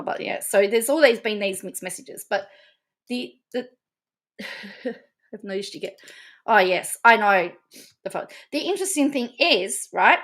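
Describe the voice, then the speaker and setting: A middle-aged woman talking casually on a live stream, emotional, laughing often and repeating herself. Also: medium pitch. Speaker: vlogger.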